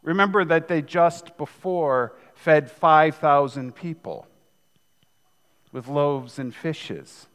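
A man's voice: a little high, slow pace, a bit bright, long reverb tail. A man in his fifties preaching a sermon as pastor, in a conversational, joking manner. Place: church sanctuary.

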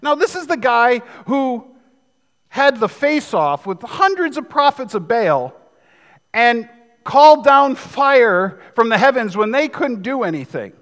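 A man's voice: very high voice, big pitch swings, unhurried, fairly bright tone, long reverb tail. A man in his fifties preaching a sermon as pastor, in a conversational, joking manner. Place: church sanctuary.

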